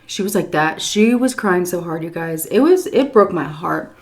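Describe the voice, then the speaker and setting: A woman telling a long story casually while eating on camera, animated, often jumping into high voices for quotes and dropping to soft whispers between bites. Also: moderate pace. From Texas. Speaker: mukbang storyteller.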